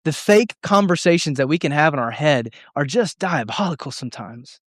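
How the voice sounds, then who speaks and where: Young male youth pastor, earnest and emotional sermon, fairly high voice, dry sound. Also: animated, normal speed, fairly bright tone, no room sound. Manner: earnest, emotional storytelling with many restarts.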